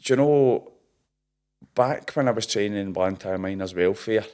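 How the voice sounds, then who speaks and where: Low-voiced Scottish boxer in his thirties. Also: normal speed, darkish tone. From Scotland. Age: 30s. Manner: chatty storyteller, laughs at himself, broad slang. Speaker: professional boxer. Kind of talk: casual interview chat.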